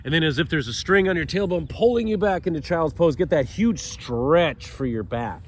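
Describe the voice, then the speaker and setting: A man in his fifties leading a morning stretch outdoors, upbeat and jokey, a little stuffy and clearing his throat now and then. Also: a little high, animated, normal speed, slight background noise. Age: 50s. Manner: upbeat, jokey, cues movements while doing them. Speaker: fitness coach. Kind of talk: guided stretching instruction. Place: outdoors on a mat on grass.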